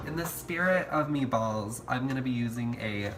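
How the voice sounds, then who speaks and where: A man's voice: medium pitch, animated, moderate pace, over music. A man vlogging while he cooks in his home kitchen, campy and playful, talking to viewers as sis and honey. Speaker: YouTuber cooking at home. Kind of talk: casual cooking vlog.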